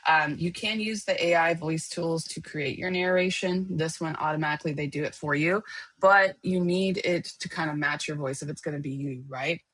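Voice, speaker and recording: A woman's voice: deep voice, normal speed, fairly bright tone, no room sound. A woman teaching a casual screen-share tutorial, chatty and often checking in with her listeners. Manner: chatty, checks in with "okay?" and "right?". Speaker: online course teacher.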